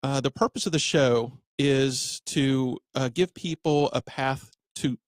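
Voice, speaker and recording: A man's voice: mid-range voice, dry recording. Male radio host, conversational, stops and fixes his words, close dry mic. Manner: chatty, self-correcting, slows for emphasis. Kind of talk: casual radio talk. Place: radio studio.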